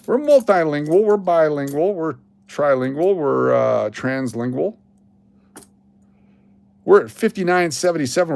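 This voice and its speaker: Guy hosting a coin livestream, rambly and jokey, talking to chat, average pitch. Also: vocal fry, a little mellow, a little hiss or hum. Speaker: coin roll hunting channel host.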